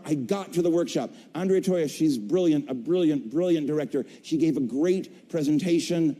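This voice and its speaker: Animated middle-aged man telling stories on a big stage. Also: fairly high pitch, normal speed, few pauses. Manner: playful, self-mocking, acts out quotes in funny voices. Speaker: voice actor telling a career story on a panel. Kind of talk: animated storytelling to a live audience. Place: convention stage in a large hall. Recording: long reverb of a large hall.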